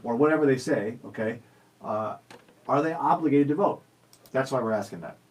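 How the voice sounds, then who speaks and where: A man's voice: mid-range voice, normal speed, low-quality recording. A man co-hosting a radio show in the studio, chatting casually and telling stories in a playful, teasing way.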